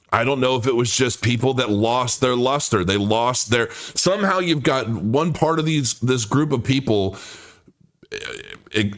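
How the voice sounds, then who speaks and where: A man's voice: medium pitch, fairly bright tone. A man in his forties talks off the cuff on a livestream, with a mid-range voice. He rambles and stops short, often restarting his sentences partway through. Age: 40s. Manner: rambling, halting, many restarts and fillers. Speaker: crypto livestream host. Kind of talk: casual livestream monologue.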